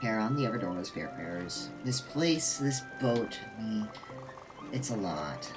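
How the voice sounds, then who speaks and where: A man reading aloud the lines of a calm, meticulous game companion character in a plain, conversational way. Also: on the low side, unhurried, music in the background. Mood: earnest.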